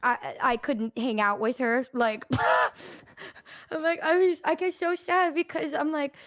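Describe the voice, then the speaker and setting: A woman's voice: high voice, fairly even intonation, slow pace, fairly bright tone, dry recording, studio quality. A woman streamer in casual chat, retelling events dramatically with quoted lines and plenty of swearing.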